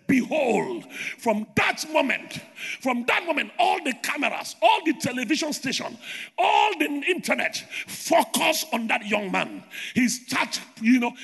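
A man preaching a sermon with loud shouted declarations and rhythmic repetition, recorded in a large reverberant hall. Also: very high voice, gravelly, husky.

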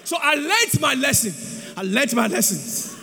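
A man preaching a sermon on marriage, animated and sing-song, breaking into shouts. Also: very high voice, normal speed, creaky, a faint crowd. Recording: long hall reverb.

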